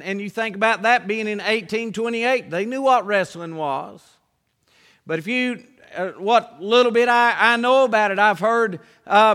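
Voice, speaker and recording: A man preaching a sermon, praying in a reverent low voice and then preaching in an emphatic, folksy way. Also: sharp tone.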